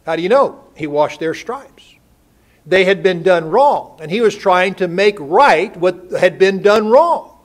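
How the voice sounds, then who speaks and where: Folksy high-voiced preacher. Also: male voice, expressive, a little slow. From United States. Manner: folksy, storytelling with rhetorical questions. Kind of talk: sermon. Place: church sanctuary.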